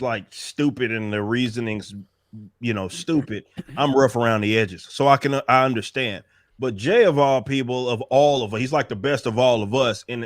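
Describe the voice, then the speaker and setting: A man's voice: mid-range voice, no room sound, studio quality. A man on a livestream panel, ranting heatedly with a lot of profanity. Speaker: podcast panelist. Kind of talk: casual livestream chat.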